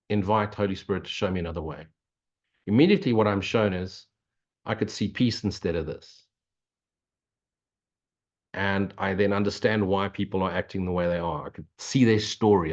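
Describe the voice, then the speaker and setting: An older man giving an earnest, preachy spiritual talk, answering questions and dropping in blunt swearing. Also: deep voice. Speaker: spiritual teacher. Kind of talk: spiritual Q&A monologue. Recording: dull lo-fi recording.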